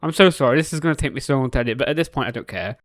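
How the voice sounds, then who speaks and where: A man hosting a reaction video, excitable, swinging between shouts and mutters as he reacts to a series. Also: medium pitch, rapid-fire, no room sound, studio quality.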